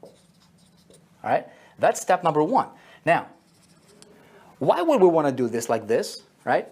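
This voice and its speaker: Husky-voiced man teaching marketing. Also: on the high side, very animated, measured pace, a little mellow. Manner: keeps checking in with "okay?" and "right?"; repeats key phrases for emphasis. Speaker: online marketing instructor. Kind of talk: whiteboard teaching lesson.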